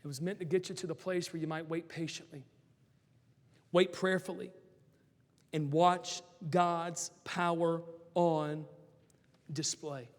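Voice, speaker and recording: A middle-aged man, preaching a sermon with passion, swinging from loud, shouted lines down to hushed ones. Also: steady tone, takes it slowly, pauses often. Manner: impassioned, rising to shouts then dropping low. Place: large church sanctuary. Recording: long hall reverb.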